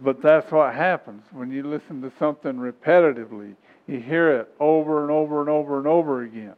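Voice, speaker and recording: Male pastor, fairly high voice, homespun sermon delivery, thin phone-quality sound. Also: fairly quick. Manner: folksy, repetitive preaching with chuckles. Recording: tinny phone-like recording.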